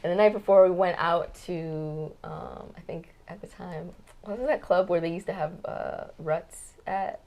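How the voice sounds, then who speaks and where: Chatty woman, low voice, lots of "like". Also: fairly even intonation, normal speed, darkish tone, poor audio. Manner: chatty storyteller, many fillers like "like" and "um". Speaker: guest musician. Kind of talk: casual chat. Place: studio lounge.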